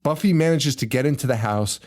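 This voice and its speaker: Animated man recapping a horror film. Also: medium pitch, fairly quick. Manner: animated storyteller who acts out characters with screams and laughs; swears freely. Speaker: podcast co-host. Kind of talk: casual movie recap chat.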